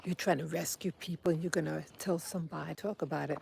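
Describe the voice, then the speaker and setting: A woman giving an angry political monologue, halting, with pauses and restarts, recorded outdoors. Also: low voice, steady tone, vocal fry, noisy background. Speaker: vlogger.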